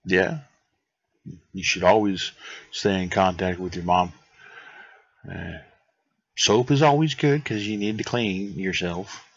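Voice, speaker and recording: A man's voice: sits low, slow, long pauses, breathy edge, no room sound, muffled recording. A man hosting a let's play and talking as he plays, rambling and joking with many restarts. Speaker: gaming channel host.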